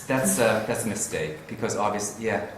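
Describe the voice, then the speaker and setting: A man's voice: on the low side, moderate pace. A man presenting at a teaching conference in a casual, rambling way, often correcting himself. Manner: rambling, self-correcting, chuckling. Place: conference room. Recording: roomy, distant mic with faint hiss.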